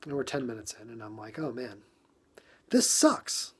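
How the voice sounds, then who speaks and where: A man's voice: medium pitch, sing-song, moderate pace, slightly rough. A man from New York telling a casual story on a phone livestream, acting out his own frustration with lots of repetition.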